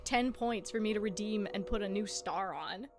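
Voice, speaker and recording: A woman's voice: mid-range voice, huge pitch swings, unhurried, darkish tone. Giggly woman streamer over game music. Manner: playful, giggly, stumbles over tongue twisters. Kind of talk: casual live-stream chat while gaming. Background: background music.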